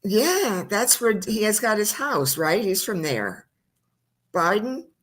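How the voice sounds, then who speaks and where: A woman's voice: medium pitch, big pitch swings, slow, a bit bright. A middle-aged woman hosting a live-streamed talk show, telling long rambling stories in a chatty way. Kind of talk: casual chat. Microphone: streamed studio mic.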